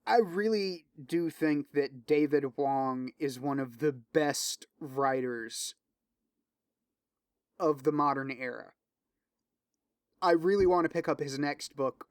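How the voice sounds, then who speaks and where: A man's voice: a little high, measured pace, no room sound. Man, podcast host, casual monologue, swears freely, lots of ums, dry sound. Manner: loose, profane, filler-heavy rambling with restarts; enthusiastic recommending. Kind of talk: casual solo podcast chat.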